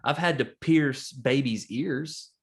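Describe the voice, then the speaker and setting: A man co-hosting a podcast. He talks in a loose, rambling way, stacks up stories and laughs as he tells them. His voice sits at an everyday middle pitch. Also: slow. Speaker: podcast co-host. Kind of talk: casual chat.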